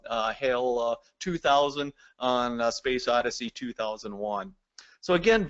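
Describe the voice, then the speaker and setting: A man's voice: medium pitch, a bit bright, muffled recording. A man giving a recorded lecture, explaining step by step and addressing the viewers directly. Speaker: presenter.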